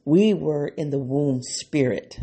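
A man's voice: fairly high pitch, takes it slowly, warm tone, husky. A man talking to his viewers in an unscripted reflective monologue, rambling and restarting his thoughts, openly emotional. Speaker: vlogger speaking to his viewers.

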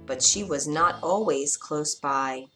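Gentle woman reading a children's story. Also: low-pitched, takes it slowly, soft background music.

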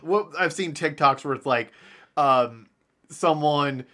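A man's voice: on the high side, slow, bright, forceful tone. A man co-hosting a podcast, retelling lake monster sightings in a rambling casual chat with many fillers and frequent laughs. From Ohio. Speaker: podcast co-host.

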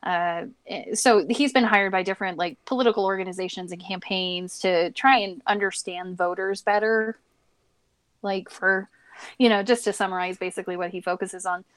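A woman's voice: medium pitch, steady tone, normal speed, clean tone. A woman with a mid-range voice talks casually on a podcast, restarting her sentences as she explains. The sound is dry and close, with no room echo. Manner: chatty, hesitant restarts, laughs. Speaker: podcast co-host. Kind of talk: casual political chat.

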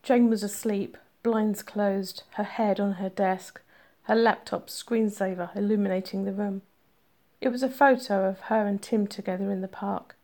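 A woman narrating a romance story in a steady, measured reading voice. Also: mid-range voice. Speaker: audiobook narrator. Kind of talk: scripted narration.

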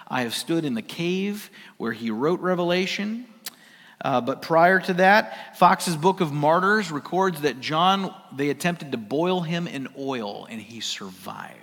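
A man preaching a sermon, swinging between loud emphasis and hushed near-whispers. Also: mid-range voice. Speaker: pastor. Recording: long hall reverb.

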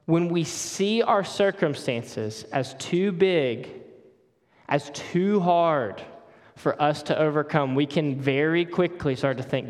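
Conversational male preacher, slightly high voice. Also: slow, in a large hall. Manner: conversational, questions the congregation. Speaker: guest preacher. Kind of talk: sermon. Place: church sanctuary.

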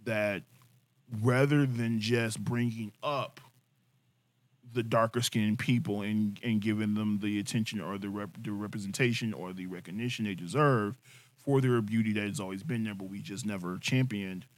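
A man's voice: on the low side, fairly even intonation, normal speed. A man co-hosts a casual podcast, asking questions and ribbing his partner with jokes. His speech rambles as he works through a point. The sound is dry and close, with no room echo. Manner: probing, joking, rambling. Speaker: podcast co-host. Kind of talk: casual chat.

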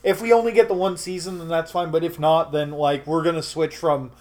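A man's voice: fairly high pitch, steady tone, a little fast, darkish tone. A young man, a tabletop game master, answering interview questions in a casual chat, rambling with fillers and restarts.

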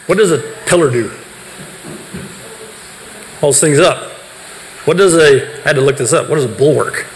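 A man with a slightly high voice speaks at a moderate pace while teaching a youth group. He explains his points, poses questions to the listeners, and then answers them himself. The recording comes from a reverberant hall with faint background noise.

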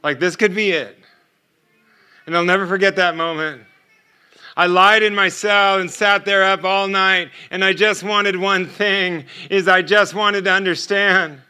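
A man's voice: high-pitched, steady tone, unhurried, sharp tone, smooth. A middle-aged man giving a sermon as a guest speaker, telling a story with quoted dialogue and frequent laughter.

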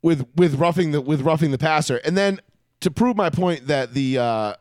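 A man co-hosting a casual sports podcast, heated and profane, telling stories with animated reenactments. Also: a little high, normal speed, dry recording, studio quality. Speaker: podcast co-host.

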